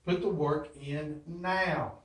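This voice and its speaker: High-voiced man teaching in an echoey classroom. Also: steady tone, slow. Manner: emphatic, repeats catchphrases, asks the class questions. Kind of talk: motivational classroom talk. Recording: roomy echo, from far off.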